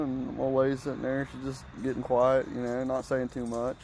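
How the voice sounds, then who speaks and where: Talking fast with hardly any pauses, a man with a medium-pitched voice tells rambling family stories in a casual, profane, animated way, switching into other people's voices. The low-quality recording has a little hiss or hum.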